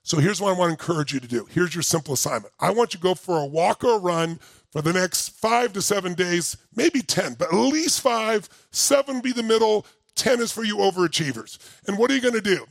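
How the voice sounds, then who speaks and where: A middle-aged man giving an animated, emphatic motivational talk to a live audience, rising to near-shouting as he tells a story. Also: high voice, fairly quick, vocal fry, dry recording. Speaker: motivational speaker.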